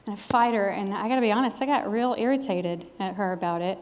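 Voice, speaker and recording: Speaking fast, a middle-aged woman gives a sermon and shares her testimony, her preaching rhythm earnest and emphatic. Her voice is medium in pitch and a little mellow, and it carries a long reverb like a church hall's.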